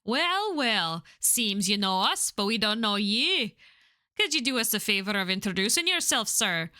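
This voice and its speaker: A woman voicing a menacing middle-aged male Irish gang boss with a put-on Irish accent, in a slow, mock-sinister drawl. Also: mid-range voice, very animated, pushed and bright, no room sound, clean studio sound.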